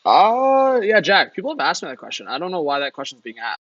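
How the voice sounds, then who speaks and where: A man's voice: on the high side, very animated, quick pace, pushed and bright, husky, highs cut off. A young man doing casual live-stream hockey commentary, chatting loosely and answering his viewers. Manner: chatty, reads and answers chat, lots of "like" and "man".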